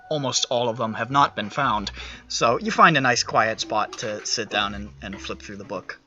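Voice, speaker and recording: A man narrating as the game master of a tabletop game, talking in a relaxed, rambling way with many pauses. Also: on the low side, muffled recording.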